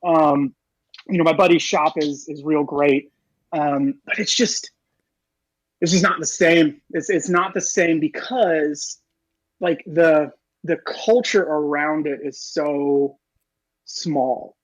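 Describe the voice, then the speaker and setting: A man talking fast and rambling with lots of fillers in casual podcast chat. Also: a little high, fairly even intonation, dry recording, low-quality recording. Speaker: podcast co-host.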